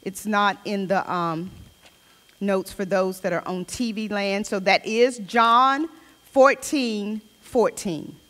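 A woman's voice: mid-range voice, slow, fairly bright tone, big-room sound. A woman leading a Bible study in a chatty, informal way, reading scripture aloud between personal remarks. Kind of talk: conversational Bible study teaching. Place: church hall.

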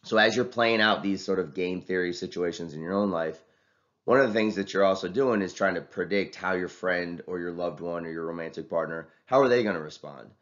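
A man's voice: deep voice, brisk, a bit bright. A male teacher giving a casual classroom lecture, talking conversationally and ending his points with "right?". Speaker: college teacher and wrestling coach. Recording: dull lo-fi recording.

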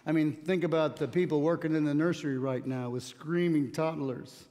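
A man's voice: a little high, steady tone, normal speed, mellow. A male pastor reading scripture and preaching a sermon, telling stories with light humor. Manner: plain storytelling with light humor. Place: church sanctuary. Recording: long hall reverb.

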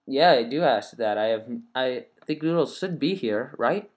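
A man hosts a casual game commentary, chatting with his viewers as he plays. He thinks aloud in a rambling, easygoing way, and his voice sits at a middle pitch. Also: lively intonation, moderate pace, hardly any pauses. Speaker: gaming channel host.

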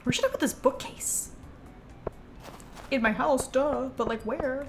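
A young woman streamer talks in a chatty, bubbly way, her voice sitting a little high. She gasps at good finds and wanders into casual asides. Clear background music plays underneath her. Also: a little slow. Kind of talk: casual gameplay chat with viewers.

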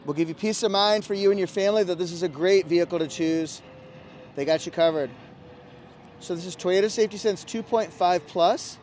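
A man's voice: sits high, fairly quick, darkish tone, a little hiss or hum. A man presenting a car walkaround review for a dealership, upbeat and salesy as he points out one feature after another.

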